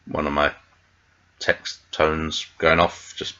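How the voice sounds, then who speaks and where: A man's voice: rumbling low, flat delivery, slow, bright, forceful tone, clear, resonant tone, muffled recording. A British man reviewing a TV episode in a meandering, tangent-filled casual chat, full of fillers. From Britain. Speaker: TV show reviewer.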